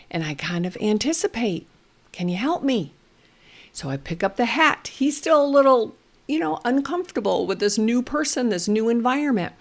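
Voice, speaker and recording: Lively, slow-paced woman host. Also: medium pitch. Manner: playful and expressive, drops to a hush to stress points. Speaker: speech-language therapist and host. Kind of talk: educational storytelling to parents.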